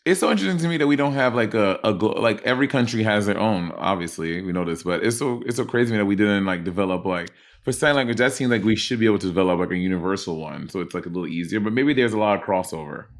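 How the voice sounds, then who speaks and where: A man's voice: fairly low pitch, expressive, very fast, few pauses. A man co-hosting a podcast in casual chat, thinking aloud with lots of filler words. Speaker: podcast co-host.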